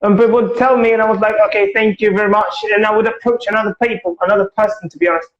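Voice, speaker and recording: A high-voiced man who speaks English as an asks questions on a live video call, stopping and restarting, then grows lively as he tells a story. His voice sits high for a man, and the call sounds roomy and a little muffled. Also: rapid-fire. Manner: hesitant, many fillers and restarts, animated when telling stories. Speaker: interviewer. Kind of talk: casual live-stream interview.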